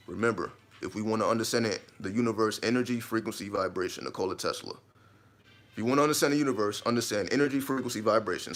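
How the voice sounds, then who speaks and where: A man who hosts his own video channel talks straight to viewers in a casual, emphatic monologue, repeating his points and swearing now and then. He has a medium-pitched, fairly bright voice.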